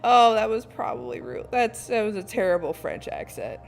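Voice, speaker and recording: A woman's voice: on the high side, sing-song, moderate pace, gravelly. A woman streamer chatting casually to her viewers while fixing her stream settings, laughing at herself and humming as she works. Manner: self-deprecating, giggly, hums to herself while fiddling with settings. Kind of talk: casual live-stream chat. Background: soft lofi music.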